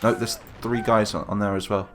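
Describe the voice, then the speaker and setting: A man hosting casual, chatty game commentary, getting excited and calling out to the troops as he plays. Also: fairly low pitch, a little fast. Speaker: gaming channel host. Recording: game gunfire and explosions behind voice.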